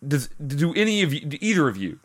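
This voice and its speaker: A man co-hosting a podcast in casual chat, animated and swearing, acting out quotes as he talks. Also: fairly high pitch, fast talker. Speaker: podcast co-host.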